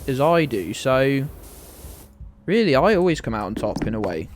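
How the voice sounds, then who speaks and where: A man's voice: medium pitch, big pitch swings, normal speed, a little hiss or hum. A British man giving casual, sarcastic and sweary commentary while streaming a video game. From Britain.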